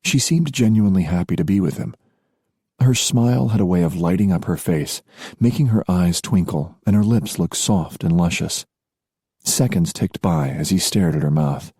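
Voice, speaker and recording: A man narrating a romance audiobook in a measured storytelling voice. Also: low-pitched, dark tone, breathy edge, no echo, clean studio sound. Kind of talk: scripted narration.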